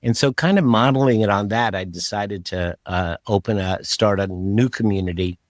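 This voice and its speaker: Male podcast host, low voice, easygoing rambler, dry close sound. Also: normal speed, no echo. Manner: relaxed, rambling with many fillers and restarts. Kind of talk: casual interview chat.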